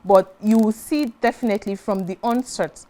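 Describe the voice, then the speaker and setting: A woman's voice: mid-range voice, moderate pace, dark tone. Chatty woman guest retelling stories. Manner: chatty, retells conversations, keeps asking "do you understand". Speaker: talk show guest. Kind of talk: casual panel discussion.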